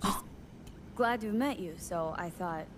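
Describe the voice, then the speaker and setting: An actress voicing a blunt, wry young female mercenary in a video game, speaking in a low, clipped way. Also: a little slow, natural voice. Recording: game audio under noise.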